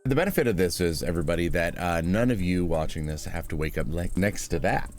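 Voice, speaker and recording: A man's voice: low-pitched, animated, a little fast, over music. A man giving sarcastic, scornful reaction commentary, rambling and restarting as he mocks.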